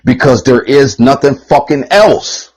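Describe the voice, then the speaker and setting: A man's voice: mid-range voice, expressive, measured pace, darkish tone, breathy edge, rough recording. A man giving a rambling, heated, profane monologue on his channel, repeating himself and swearing often. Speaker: channel host.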